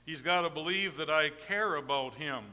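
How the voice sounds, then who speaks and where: A middle-aged man preaches in a large hall, his bright, forceful voice trailing a long reverb. He sits a little high for a man and tells folksy, rambling stories with tag questions, jumping from loud emphasis to quiet asides. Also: moderate pace. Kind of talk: storytelling sermon.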